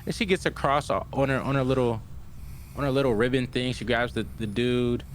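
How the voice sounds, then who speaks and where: Animated young man recapping anime. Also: mid-range voice, fairly quick, a little hiss or hum. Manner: animated retelling, acts out characters' lines with "yo" and "right?". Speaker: podcast co-host. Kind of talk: casual recap of an anime episode.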